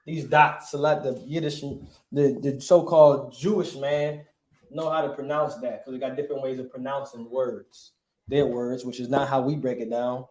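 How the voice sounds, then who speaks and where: A man's voice: medium pitch, steady tone, normal speed, darkish tone, echoey room. A man teaching a lesson, asking rhetorical questions and punctuating points with emphatic asides. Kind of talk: classroom lesson.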